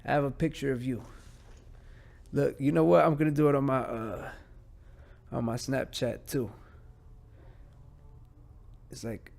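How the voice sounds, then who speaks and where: A man's voice: medium pitch, fairly even intonation, measured pace, creaky, long pauses, darkish tone. A man hosting a one-man podcast, ranting in profane, rambling bursts that drift off mid-thought. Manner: easily distracted, drifts off mid-sentence. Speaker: podcast host. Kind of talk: solo podcast chat.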